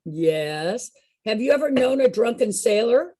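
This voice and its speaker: A woman with a slightly high, husky voice leads a group activity over a video call. She talks in a playful, chatty way and keeps cheering the group on. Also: expressive, unhurried, warm tone. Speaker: activity leader.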